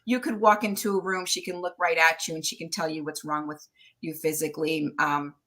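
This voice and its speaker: A middle-aged woman, a guest on an interview show, chatting loudly and laughing often as she tells stories. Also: sits low, steady tone, a little fast. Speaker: guest, tarot reader and medium. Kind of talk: casual interview chat.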